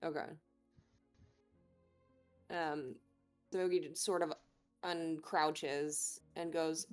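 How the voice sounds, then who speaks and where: A woman's voice: low voice, steady tone, extremely slow, long pauses, faint music behind. A woman playing a tabletop game, talking casually and hesitantly with many fillers. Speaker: player.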